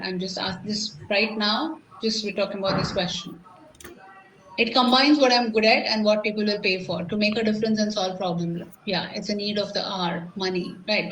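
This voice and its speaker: A woman's voice: mid-range voice, recorded from a distance. A middle-aged Indian-accented woman speaks as a sales coach at a live seminar, driving her points home with rhetorical questions to the crowd. Her voice sits in a mid register and comes from a little away from the mic. The room is echoey, with a faint hum of ambience behind her. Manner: emphatic, rhetorical questions to the audience. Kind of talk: live motivational seminar talk.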